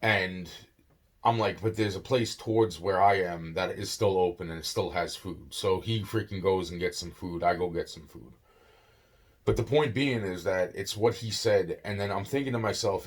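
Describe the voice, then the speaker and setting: A man's voice: low voice, breathy edge. A young man rambling on in a casual monologue, swearing often, yawning and tired. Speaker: vlogger.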